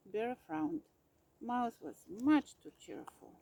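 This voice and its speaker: A woman reading a children's storybook aloud with gentle, expressive narration. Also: sits high, takes it slowly, poor audio.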